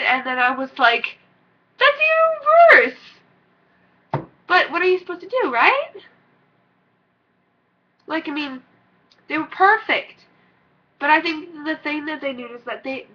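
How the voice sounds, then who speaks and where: A teenage girl vlogging casually, an excitable, rambling fan who gushes and squeals. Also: sits high. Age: teens. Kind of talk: gushing casual vlog. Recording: dull lo-fi recording.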